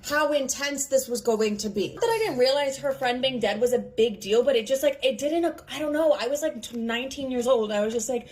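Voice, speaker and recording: A young woman in her twenties rattles off a personal story at a brisk clip, her voice sitting a little high. She talks casually, swears freely and leans on filler words. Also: slight background noise. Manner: profane, rapid, filler-heavy storytelling.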